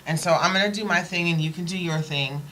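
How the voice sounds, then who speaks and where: Woman, low-pitched, interview host, encouraging, faint room noise. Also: fast, a bit bright, poor audio. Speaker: talk show host.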